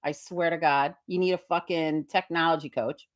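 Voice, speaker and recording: Her voice is deep and steady, moving at a moderate pace. She's a middle-aged host of a live witch community stream, casually rambling through a story with swearing and quoted voices.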